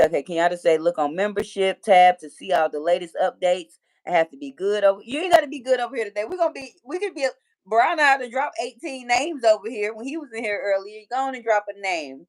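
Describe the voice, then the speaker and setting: A woman's voice: medium pitch, darkish tone. A woman in her forties with a Detroit accent, hosting a casual livestream and chatting with viewers and reading their comments, playful and full of trash talk. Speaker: livestream host.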